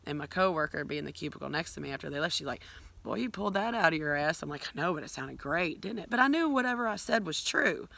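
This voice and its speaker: A woman's voice: low-pitched, expressive, fast talker, vocal fry, hardly any pauses, pushed and bright, poor audio. A woman telling her own story to a phone camera at home, rambling with many fillers and asides. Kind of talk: casual personal storytelling. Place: at home, filming herself on a phone.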